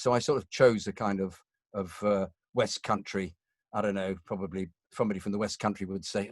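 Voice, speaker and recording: A middle-aged man, a voice actor and interview guest, telling stories in an animated, self-deprecating way and acting out voices. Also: on the low side, quick pace, no echo. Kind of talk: casual interview storytelling.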